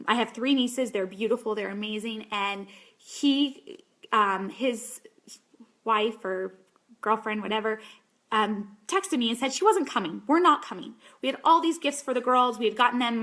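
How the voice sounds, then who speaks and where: A woman in her thirties shares a personal story on a group coaching call. Her voice sits a little high. She talks in a chatty, heartfelt way that moves between bubbly and soft. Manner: chatty and emotional, shifting from bubbly to soft and earnest.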